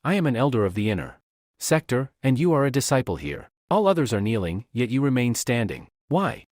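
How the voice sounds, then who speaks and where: A man voicing a stern, authoritative old sect elder who speaks in a measured, commanding way. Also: mid-range voice, sing-song, a little mellow, no echo, lightly acted. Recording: dry close recording.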